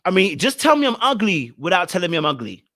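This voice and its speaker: Brief: male reaction host, expressive, a bit high-pitched, keeps repeating lines. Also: fast talker. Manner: animated, exclaiming, repeats phrases. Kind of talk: reacting to a reality show.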